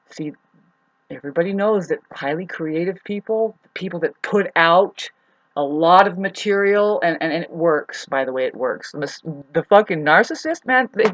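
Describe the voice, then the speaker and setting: A woman's voice: sits low, dry recording, highs cut off. Frustrated, swearing woman ranting. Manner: frustrated, profane, swings loud and soft. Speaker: astrology vlogger. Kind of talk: rambling monologue.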